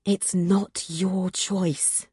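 A woman voicing a gentle, calm young man near death, murmuring softly in an audiobook. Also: medium pitch, drawn-out words, breathy edge, no echo, studio quality, heavily acted. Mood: whispered gentle. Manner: soft murmuring, near whisper. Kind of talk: audiobook character voice.

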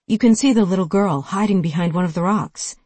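An impatient former Marine woman , voiced by an audiobook narrator barks urgent orders at an officer. Her delivery is commanding and forceful, in a middle pitch with a dry, close sound. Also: a little fast, slightly rough, no echo, natural voice.

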